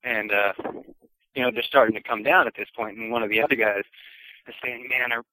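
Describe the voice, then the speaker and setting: A man casually telling a long anecdote, chatty and relaxed, acting out the voices of the people in it. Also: on the low side, brisk, a little hiss or hum, low-quality recording. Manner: relaxed, chatty, acts out quoted voices, chuckles. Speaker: storyteller. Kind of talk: casual podcast storytelling.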